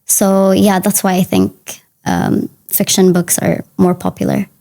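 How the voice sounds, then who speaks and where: A woman's voice: mid-range voice, big pitch swings, unhurried, creaky, warm tone. A woman answering practice speaking exam questions, hesitant with many fillers. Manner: hesitant, lots of ums and likes. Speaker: exam candidate.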